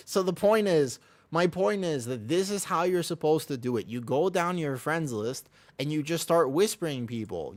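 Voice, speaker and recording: With a fairly high, lively voice at a moderate pace, this streamer talks to his chat and friends as he plays and explains things. He repeats himself for emphasis and lets the occasional curse slip.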